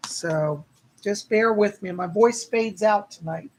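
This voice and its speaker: A man's voice: sits high, takes it slowly, slight background noise. A man hosting a live psychic-reading stream, chatting in a folksy way and greeting viewers by name, his voice strained and tired. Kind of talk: casual live-stream chat.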